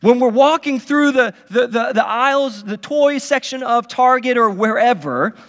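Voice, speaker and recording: A man's voice: extremely high pitch, animated, moderate pace, fairly bright tone. A man in his thirties, a pastor, preaching a sermon in a conversational, story-telling way with many restarts. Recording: long hall reverb.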